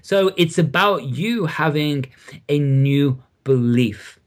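With an English accent and a slightly high voice, this coach guests on a podcast interview. He talks at a slow pace, his delivery enthusiastic and animated.

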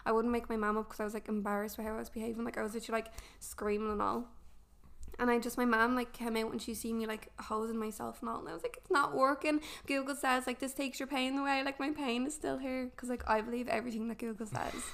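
A young woman in her twenties, talking quickly and pitched a touch high. She chats as a podcast guest, candid and loose, with plenty of fillers and curses. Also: little pitch movement, vocal fry, fairly bright tone. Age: 20s. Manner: candid storytelling full of fillers and swearing. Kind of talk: casual chat.

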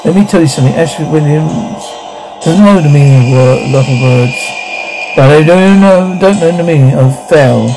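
An actor playing a brash, cocky middle-aged demon hunter who talks crude and boastful. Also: male voice, on the high side, normal speed, over music, natural voice, low-quality recording. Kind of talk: TV series acting.

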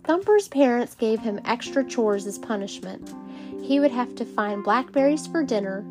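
A woman reading a bedtime story aloud to children, gentle and calm. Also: fairly high pitch, moderate pace, over music. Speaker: storybook reader.

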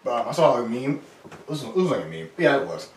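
A man's voice: mid-range voice, very animated, quick pace. A man in a casual chat with friends, joking crudely and laughing a lot. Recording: echoey room, from far off, faint hiss.

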